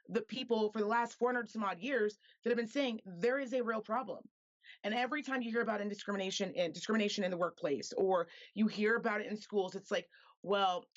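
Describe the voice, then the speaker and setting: Impassioned woman guest, muffled audio. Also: on the high side. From Reno, Nevada, US. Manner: impassioned, emphatic and repetitive. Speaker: podcaster guest. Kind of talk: earnest conversation.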